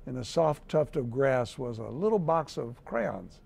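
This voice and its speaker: A mayor reads a children's picture book aloud, slow and gentle. His voice is gravelly with a husky edge, and he lifts into livelier tones when the story calls for it. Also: medium pitch, very animated.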